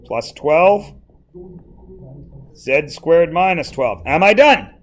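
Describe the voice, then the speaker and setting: Man, math teacher, high voice, slow pace, playful, quizzing a class. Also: lively intonation. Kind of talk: classroom lesson.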